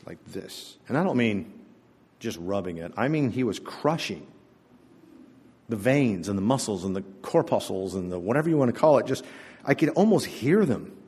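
A male pastor giving a sermon to his congregation in a church, telling stories in a conversational, humorous way. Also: lowish voice. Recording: echoey church hall.

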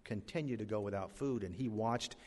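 A male pastor preaching an emphatic sermon, rising to loud peaks and dropping to hushed lows. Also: a little fast, long reverb tail.

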